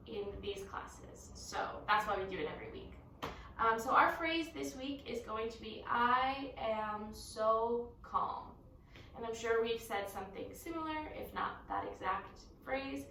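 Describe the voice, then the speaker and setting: Woman yoga teacher, gentle and encouraging, slightly high, gravelly edge, echoey room, mic set back. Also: recorded from a distance, a little hiss or hum. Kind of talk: guided yoga class.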